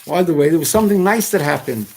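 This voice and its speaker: Talking fast in a notably high voice, a radio talk host preaches his views in an emphatic political commentary monologue. Rhetorical questions come one after another, and Hebrew and Yiddish terms pepper his speech.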